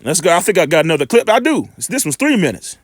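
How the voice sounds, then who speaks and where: A man giving informal scripture commentary, emphatic and colloquial, slowing right down when he reads verses aloud. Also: on the high side, very animated, no room sound. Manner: emphatic, colloquial, drawn-out slow scripture reading. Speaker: preacher commenting on video clips.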